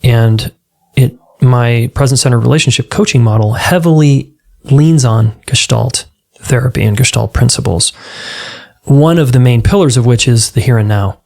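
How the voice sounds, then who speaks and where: Man, gravelly, earnest, casual, relationship coach, solo podcast. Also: mid-range voice, normal speed, darkish tone. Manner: earnest, conversational, acts out client dialogue.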